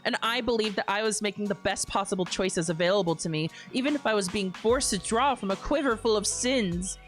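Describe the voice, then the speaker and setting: A young adult woman streaming a game, reading the narration steadily between loud, laughing, swearing reactions. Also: medium pitch, fairly quick, soft background music.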